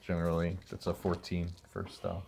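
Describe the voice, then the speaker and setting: A man playing a tabletop game, relaxed and joking as he talks through his moves. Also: deep voice, moderate pace, vocal fry, noisy background. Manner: relaxed, joking player talk. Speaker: player.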